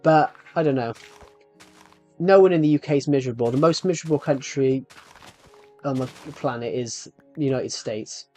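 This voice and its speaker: A man's voice: medium pitch, normal speed, darkish tone, faint music behind. A man streaming live, chatting in a rambling, casual way and talking straight to his viewers. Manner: rambling, addresses viewers directly. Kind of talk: casual live-stream chat while gaming.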